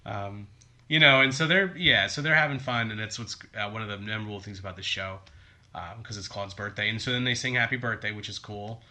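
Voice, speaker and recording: This podcast co-host has a fairly low, forceful, bright voice and talks briskly. He rambles through casual conversation, dropping "like" and "um" again and again.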